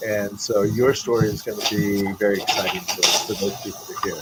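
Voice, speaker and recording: A man's voice: lowish voice, steady tone, a little fast. A man hosting a podcast who opens the episode in a loose, joking way and introduces the guest. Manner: jokey and loose, laughs between takes. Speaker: podcast host. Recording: noticeable background hiss.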